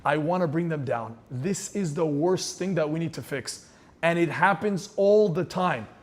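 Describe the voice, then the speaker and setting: A man's voice: a little high, normal speed. A man giving an inspirational sermon as a rabbi, telling stories with passion and sprinkling in Hebrew terms.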